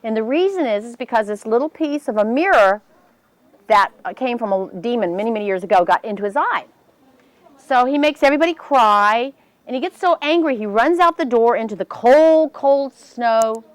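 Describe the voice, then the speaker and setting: A woman telling a fairy tale to children, animated and voicing the characters as she goes. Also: normal speed, no room sound. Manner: animated, voices the characters with big pitch jumps. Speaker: storyteller.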